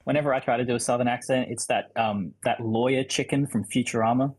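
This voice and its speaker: A man with a husky voice on a podcast weighs his views carefully, hedging and restarting. The sound is dry and close. His tone stays thoughtful. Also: mid-range voice, steady tone, quick pace, no echo, rough recording. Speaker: podcast panelist. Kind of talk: casual podcast chat.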